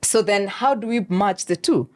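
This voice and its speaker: Woman, talk show guest, animated storytelling, lots of fillers and quoted asides, medium pitch. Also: normal speed. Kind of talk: conversational interview.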